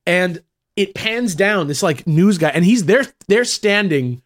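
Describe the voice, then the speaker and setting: A man with a slightly high voice chats casually on a podcast. He rambles through his stories and keeps restarting his sentences with fillers. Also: animated, unhurried. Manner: rambling, repeats himself with lots of fillers. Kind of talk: casual chat.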